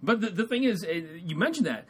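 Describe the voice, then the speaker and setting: A man's voice: high-pitched, very animated, a little fast, husky. A middle-aged man from the American South co-hosting a podcast, rambling and hedging in casual chat, laughing easily. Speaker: podcast co-host.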